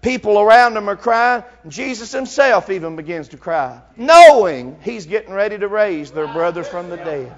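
A man's voice: high-pitched, expressive, normal speed, hardly any pauses, dull audio. A man in his fifties preaching a sermon fervently, with frequent filler sounds between phrases.

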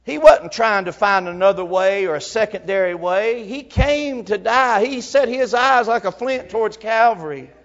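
A man preaching a sermon, telling a personal story, moving from hushed tones to crying out. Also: high voice, lively intonation, moderate pace, hardly any pauses, lo-fi sound. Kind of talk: emotional Southern sermon storytelling.

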